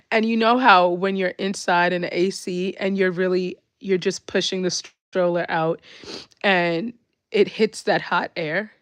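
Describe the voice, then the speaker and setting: Slow, animated woman telling a story. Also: medium pitch, no room sound. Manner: animated, laughs often, repeats "when I tell you". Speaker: storytelling host. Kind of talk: casual storytelling chat.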